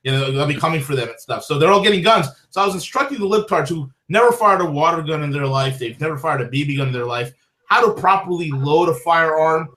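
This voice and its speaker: A man's voice: a little high, expressive, fast talker, fairly bright tone. A man in casual political talk-show chat, crude and mocking, often laughing.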